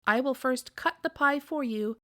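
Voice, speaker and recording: A woman's voice: sits high, normal speed, sharp tone. A woman voicing a prim, genteel female cat hosting tea in a storybook, speaking with polite formality. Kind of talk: storybook read-aloud.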